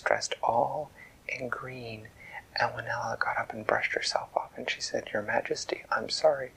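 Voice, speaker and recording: A man narrating a children's bedtime story in a soft, conversational, half-whispered way. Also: mid-range voice, gravelly, husky, low-quality recording.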